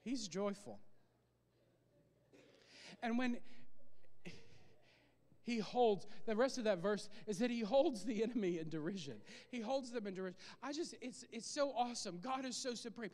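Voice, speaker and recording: A man preaching a sermon, animated, often laughing and acting out scenes, heard with a long hall reverb. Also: sits high, moderate pace, long pauses.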